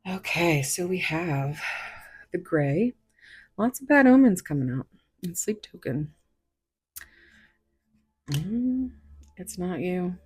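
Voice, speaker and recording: A woman giving a casual tarot reading, hoarse from a recent illness, chatty and rambling, laughing often and dropping into whispered asides. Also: on the low side, big pitch swings, takes it slowly, pauses often, a little mellow. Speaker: tarot reader.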